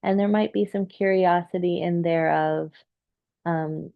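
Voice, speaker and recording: A woman with a low, gravelly voice talks gently and unhurriedly, pausing often on fillers as she thinks. The sound is close and dry, a little dull and lo-fi. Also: steady tone, dry recording. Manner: gentle, meandering, many fillers. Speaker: therapist. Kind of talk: reflective solo talk.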